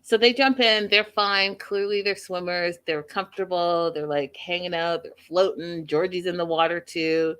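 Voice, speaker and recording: A woman's voice: on the low side, moderate pace, few pauses, smooth. Chatty woman host gossiping through a recap. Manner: chatty, gossipy, animated storytelling. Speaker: show host. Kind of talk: casual reality-show recap.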